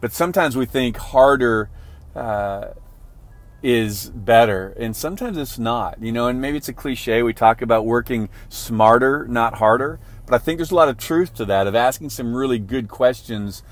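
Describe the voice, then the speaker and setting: A man's voice: medium pitch, normal speed. Man giving a conversational motivational talk. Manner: conversational, frequent "right?" tags and restarts. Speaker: motivational speaker.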